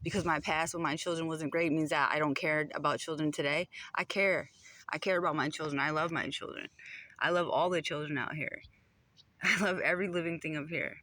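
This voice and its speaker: A man's voice: a little high, steady tone, fairly quick, pushed and bright, no echo. A man delivering a heated personal rant to the camera, repeating phrases for emphasis.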